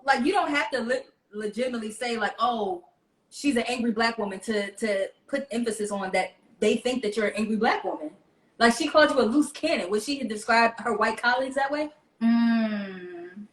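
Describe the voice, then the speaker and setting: A woman guest in a casual podcast chat with a high voice that rises and falls widely as she talks. She tells stories quickly and laughs a lot. The echoey room rings behind her. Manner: laughs often, quick lively storytelling.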